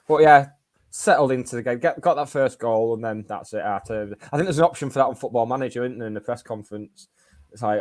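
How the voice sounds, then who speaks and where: A man's voice: mid-range voice, a little fast. Dry-witted male podcast co-host. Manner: dry, wry humour. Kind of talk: casual football chat.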